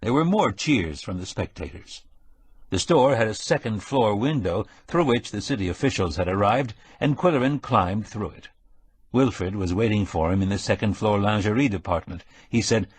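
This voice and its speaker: A man narrating a mystery audiobook in a measured, steady storytelling manner. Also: lowish voice, breathy edge, dry recording. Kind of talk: scripted narration.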